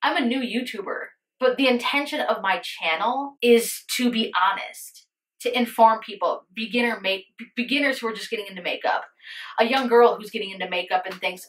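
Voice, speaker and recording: A woman's voice: on the high side, normal speed, reverberant, poor audio. A young woman vlogging about beauty, talking candidly and with emphasis in a casual storytime rant, swearing freely.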